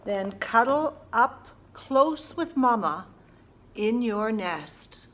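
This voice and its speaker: Woman children's librarian, high and slow, playful storytime reader who leads kids in actions. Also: expressive, a bit bright. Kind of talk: family storytime reading for young children.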